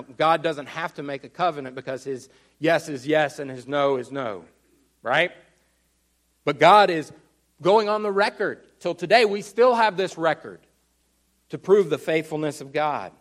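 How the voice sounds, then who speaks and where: A man delivering a teaching sermon with a slightly high voice. He explains step by step in an earnest tone and slows down to press his main points home. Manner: earnest, explanatory, with slowed emphasis on key words. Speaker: pastor.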